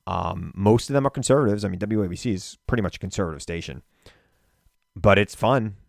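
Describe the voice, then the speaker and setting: A man's voice: fairly low pitch, brisk, creaky, no echo, clean studio sound. Indignant male political talk host. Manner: animated, indignant, rhetorical questions. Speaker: political radio and podcast host. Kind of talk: opinionated political monologue.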